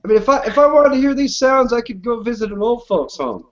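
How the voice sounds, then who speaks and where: A man's voice: very high voice, big pitch swings, fairly quick, very noisy. A man in a casual group video chat, speaking in a wry, joking and enthusiastic way. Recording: dull lo-fi video-call audio.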